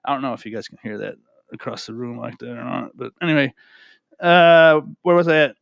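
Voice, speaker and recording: A man talks casually to his viewers from a room at home, circling back and repeating himself. His voice sits at an everyday middle pitch, recorded dry and close with no room echo. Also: animated, brisk, vocal fry, fairly bright tone, lo-fi sound. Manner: rambling, repeats himself, lots of "right?" and "you know". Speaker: crypto video host. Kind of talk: casual talk to camera.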